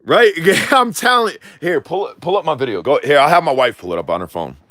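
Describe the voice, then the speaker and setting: A man's voice: mid-range voice, very animated, fast talker, no echo. Candid slangy man chatting on a live stream. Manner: candid, rambling, swears freely; slangy street talk, clipped words. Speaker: drone video creator. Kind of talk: casual live-stream chat.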